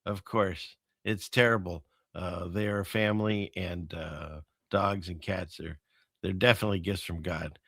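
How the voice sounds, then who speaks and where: Man, livestream host, gravelly, sharp tone, dry close sound, rambling, chuckles a lot. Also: low voice, steady tone, a little slow, no room sound. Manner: rambling, chuckles often between remarks. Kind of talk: casual livestream chat reading viewer comments.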